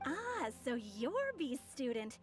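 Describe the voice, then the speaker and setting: A poised, mysterious young woman in a video game, formal and courteous in every line. Her voice sits high, and game music plays quietly beneath her. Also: big pitch swings, slow pace, full character voice. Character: composed, mysterious young woman of a secret order.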